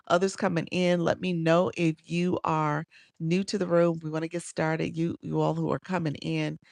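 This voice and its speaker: A woman's voice: low-pitched, vocal fry, a little mellow, dry recording, studio quality. A woman with a Chicago accent, coaching viewers on a live stream in a chatty way. She laughs often and greets people by name between tips.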